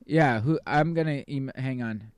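A man's voice: mid-range voice, unhurried, dry recording, clean studio sound. Rambling sarcastic male podcast host. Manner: rambling, filler-heavy, playfully sarcastic. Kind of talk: casual chat.

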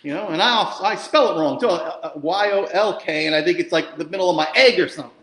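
Preaching with a high-pitched voice and a fast delivery, this pastor from New Jersey keeps things lively and chatty with joking asides. He moves between soft moments and loud, emphatic ones, and the room sounds spacious.

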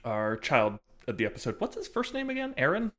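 A man's voice: medium pitch, wildly swooping pitch, fairly quick, a bit bright. A man co-hosting a podcast, narrating a TV episode's plot casually with fillers and self-deprecating jokes. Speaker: podcast co-host. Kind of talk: casual chat recapping a TV episode.

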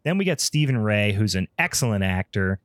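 A man's voice: on the low side, big pitch swings, a little fast, no room sound. A man hosting a podcast in casual chat, rambling and profane with frequent ums. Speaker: podcast host.

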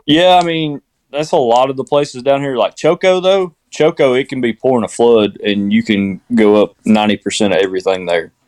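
A man's voice: mid-range voice, moderate pace, hardly any pauses, darkish tone, no room sound. A man with a Southern US accent, rambling and laid-back as a guest in casual podcast chat.

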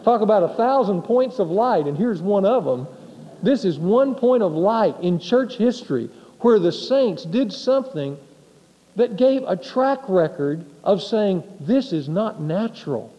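A man with a high, mellow voice preaches from the pulpit, pressing his points with rhetorical questions. The recording sounds dull and lo-fi, with a long reverb ringing through the sanctuary. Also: expressive, a little slow. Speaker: pastor. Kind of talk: sermon.

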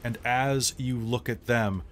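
A man leads a live tabletop game, setting scenes in short, dramatic phrases. His voice has a middling pitch for a man, and faint music plays behind him. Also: steady tone, slow. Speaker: game master.

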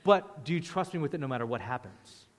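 A man's voice: fairly high pitch, animated, fast talker, big-room sound. A man preaching a sermon with passion, acting out the voices of people praying. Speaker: pastor.

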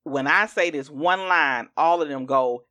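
A woman hosting a podcast in casual chat, animated and acting out what other people say. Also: a little slow. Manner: animated, acts out quoted speech in jumps of pitch. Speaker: podcast host.

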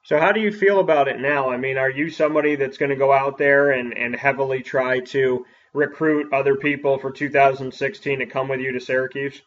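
A man who is a sports broadcaster, reading an upbeat ad spot and then asking quick interview questions. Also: mid-range voice, fairly even intonation, fairly bright tone, lo-fi sound.

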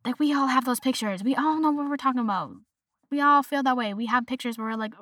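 A woman's voice: a little high, quick pace, a bit bright, dry recording, studio quality. A young woman in her twenties hosting a casual solo podcast, ranting in an exasperated, chatty way and mimicking others in quotes. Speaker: podcast host.

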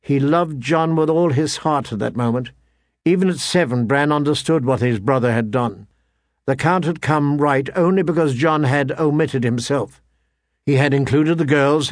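A man narrating a fantasy novel as an audiobook, measured and expressive. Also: mid-range voice, dry recording, clean studio sound.

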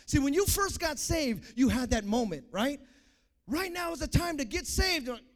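A young male preacher with a strikingly high voice delivers an impassioned sermon. He builds to fervent shouts, then drops to a hushed, confessional tone. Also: animated, normal speed.

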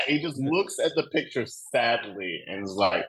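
A man's voice: medium pitch, animated, measured pace, fairly bright tone, slightly rough, poor audio. A man co-hosting a casual movie review podcast, laughing often and imitating actors' lines. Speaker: podcast co-host.

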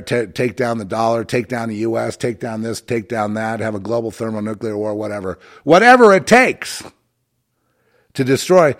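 A man's voice: on the low side, creaky. A man delivering a scornful, emphatic, rambling monologue rant, often restarting his words. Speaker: commentator.

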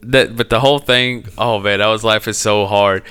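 A man's voice: moderate pace, smooth. A man chatting casually with a friend, swearing a lot and acting out the people in his stories in a raised voice. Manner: animated storyteller, swears a lot, acts out quoted people in a high voice. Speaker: podcast co-host. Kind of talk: casual chat.

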